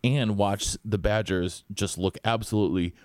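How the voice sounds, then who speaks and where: A man with a fairly low voice hosts a casual college football podcast, relaxed and conversational as he turns questions over to his co-host. The sound is dry and close, with almost no room around it. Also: normal speed, no echo. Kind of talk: casual sports chat with ad read.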